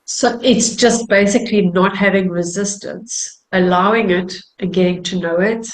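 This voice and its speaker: A woman hosting a casual interview, relaxed, laughing between points and summing up her guest's ideas. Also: medium pitch, moderate pace. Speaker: host. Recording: roomy echo.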